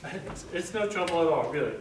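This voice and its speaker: A man's voice: fairly high pitch, lively intonation, fairly quick, a little hiss or hum, lightly acted. A man playing a kindly, reassuring young man in an amateur stage play, heard from far off in an echoey hall.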